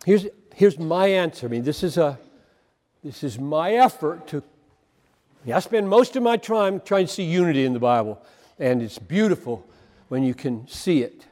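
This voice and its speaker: A man preaches with fervor, pressing his points through repetition and sudden emphasis. His voice sits high for a man. The sound carries the long reverb of a big hall. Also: animated, normal speed, a little mellow. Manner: impassioned, emphatic, repeats words for stress. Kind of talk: sermon.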